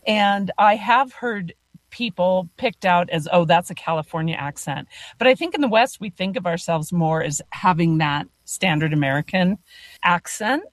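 A woman's voice: lowish voice, measured pace, dry recording. A woman host asking questions and telling a personal story in a conversational way. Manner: conversational, anecdotal. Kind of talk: radio interview chat.

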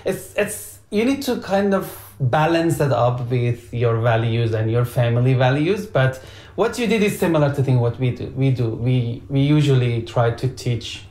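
A man's voice: medium pitch, expressive, darkish tone. A man co-hosting a casual parenting chat, reasoning aloud and repeating words as he talks. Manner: halting, repeats words while reasoning things out. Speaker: podcast co-host. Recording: echoey room.

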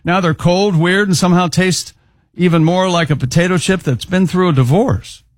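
A man's voice: sits high, moderate pace, no echo, clean studio sound. A man co-hosting a radio show, reading listener letters aloud with wisecracks and frequent laughs.

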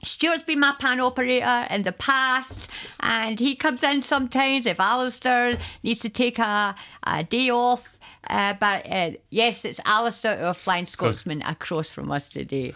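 A woman presenting on community radio, chatty and quick to laugh. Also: on the high side, pushed and bright.

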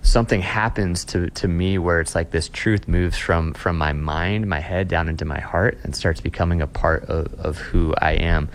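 A man's voice: low voice, moderate pace, hardly any pauses, slight background noise. A man in his thirties, a pastor, speaking earnestly in an interview and often repeating words as he starts a phrase. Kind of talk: conversational interview answers.

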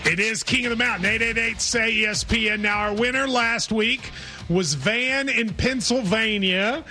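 A man hosting a sports talk radio show, upbeat and quick with banter, laughing often. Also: sits high, over music.

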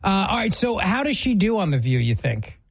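A man's voice: high voice, brisk. A man hosting a talk radio show, bantering with a producer in a wry, joking way. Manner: wry, joking, lively delivery.

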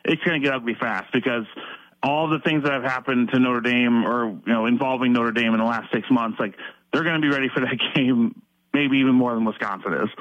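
A man's voice: medium pitch, brisk, dry recording. A man, a sports reporter, talking casually as a guest on a sports radio show, with many fillers. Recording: dull lo-fi line.

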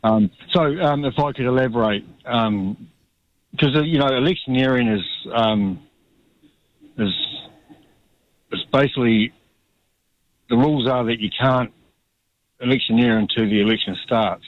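A man with a New Zealand accent calling in to talkback radio, speaking haltingly with many ums. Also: mid-range voice, no echo. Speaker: caller. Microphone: phone line. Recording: dull phone line.

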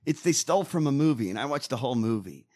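A man co-hosting a casual show, ranting and swearing in an animated way. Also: mid-range voice, quick pace. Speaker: podcast co-host. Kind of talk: casual profane chat.

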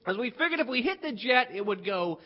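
A man from West Virginia with a strikingly high voice spins a comic tale in a lively, playful way. The recording sounds dull and lo-fi. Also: brisk. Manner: animated, lively delivery with playful character voices. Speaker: storyteller. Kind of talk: humorous storytelling.

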